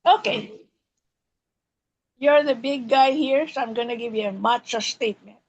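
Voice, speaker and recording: A woman's voice: on the high side, moderate pace, lo-fi sound. A woman leading table topics at a speaking club meeting, teasing and playful with the members. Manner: teasing, acts out silly quoted voices.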